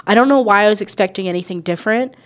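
A woman chats her way through a movie review on a podcast mic, rambling and laughing as she goes. Her voice sits in a middle range, and her nose is stuffed up from a recent cold. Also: medium pitch. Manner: chatty, rambling, quick to laugh. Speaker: podcast co-host. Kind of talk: casual movie review chat. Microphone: podcast microphone.

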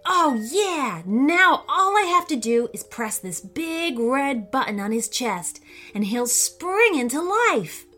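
A woman reading a storybook aloud, voicing an eager young boy who shouts his ideas. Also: high-pitched, big pitch swings, slow pace, faint music behind, voice pushed up, full character voice. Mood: excited. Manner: eager, exclamatory. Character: excited young boy inventor.

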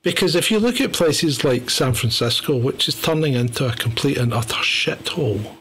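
A man's voice: medium pitch, lively intonation, moderate pace, a bit bright, slight background noise. A man co-hosting a casual chat show, blunt and repetitive, often laughing. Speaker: podcast co-host.

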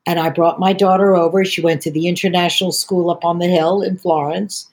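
Older lady on a podcast, rambly storyteller, voice a bit on the low side. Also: flat delivery, fairly quick. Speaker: tea entrepreneur guest. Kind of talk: podcast conversation.

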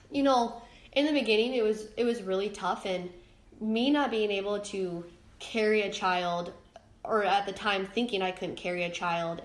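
A young adult woman, a podcast guest, talking candidly and emotionally about her own life, often restarting and searching for words. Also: mid-range voice. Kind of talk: candid personal storytelling. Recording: roomy echo.

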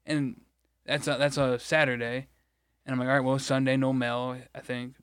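A man's voice: medium pitch, level tone, moderate pace, fairly bright tone, clean tone, dry recording, clean studio sound. A man from Michigan, co-hosting a podcast, rambling through an exasperated, profane story in casual chat. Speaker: podcast co-host.

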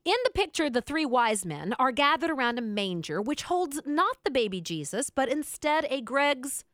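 A woman with a Southern American accent co-hosting a radio talk show, reading news stories aloud in a teasing, animated way. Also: high-pitched, moderate pace, dry recording, clean studio sound. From Southern United States.

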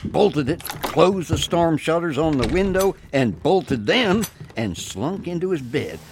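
A man narrating a spooky folk tale in a folksy, slow storytelling manner. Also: on the high side, very animated, noisy background.

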